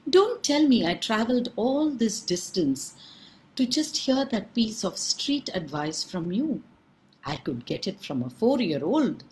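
A woman's voice: mid-range voice, big pitch swings, a little slow, darkish tone, a little hiss or hum, voice pushed up, poor audio. A woman playing a boastful rich governor. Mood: scoffing. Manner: boastful, scoffing. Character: proud wealthy male governor, demanding.

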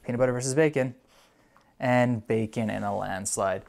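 An upbeat dog owner talking through a puppy's treat test in a casual vlog. The voice is mid-pitched and everyday. Brisk commands to the dog alternate with chatty, running commentary. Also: creaky, darkish tone. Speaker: dog owner and video host.

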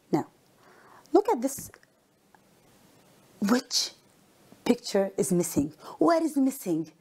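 A woman's voice: medium pitch, a little mellow. A woman teacher with an Arabic accent giving a phonics lesson to children, sounding out letters one by one and praising often. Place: recorded for a broadcast school lesson.

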